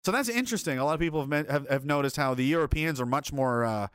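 A man's voice: on the high side, fast, fairly bright tone, smooth, dry recording, studio quality. A man giving casual, rambling commentary as a streamer, swearing freely, chuckling often and restarting his sentences. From North America. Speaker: streamer reading chat.

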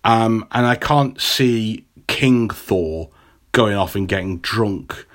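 A man co-hosting a podcast in casual, wry conversation, often trailing off lower at sentence ends. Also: slow, fairly bright tone. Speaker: podcast co-host. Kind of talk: casual chat.

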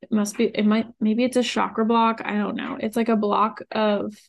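A woman's voice: medium pitch, flat delivery, normal speed, creaky. A woman co-hosting a podcast, talking in a reflective, casual way with lots of fillers. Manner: reflective, uses many fillers. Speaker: podcast co-host. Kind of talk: casual chat.

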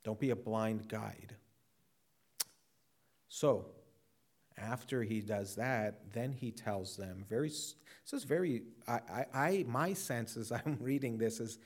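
A man's voice: lowish voice, unhurried, darkish tone. A man preaching a sermon in an earnest, sober way, often repeating words as he presses a point. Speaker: pastor.

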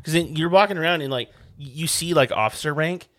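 A man's voice: a little high, fast, fairly bright tone, no room sound. A man chatting casually on a podcast, laughing and swearing in easy banter. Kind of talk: casual chat.

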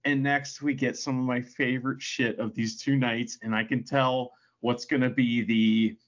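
A man co-hosting a casual podcast review, talking in an animated, jokey way with plenty of swearing. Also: mid-range voice, moderate pace, muffled recording. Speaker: podcast co-host. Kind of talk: casual wrestling review chat.

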